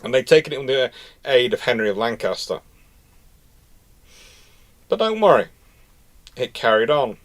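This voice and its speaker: A man presenting naval history in an enthusiastic, animated, informal lecture. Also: medium pitch, moderate pace, long pauses. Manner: enthusiastic, animated storytelling with frequent restarts.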